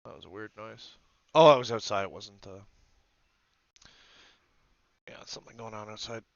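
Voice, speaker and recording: A man's voice: fairly low pitch, moderate pace, dry recording, highs cut off. A man hosting a casual maker livestream, rambling to his viewers and to himself as he sets up a 3D print. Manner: rambling, talks to the audience and to himself. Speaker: maker channel host.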